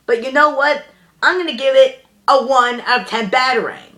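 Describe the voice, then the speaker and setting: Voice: high voice, moderate pace, bright, forceful tone. A young adult reviewing a movie in a casual, exasperated rant, rambling and full of "you know" fillers.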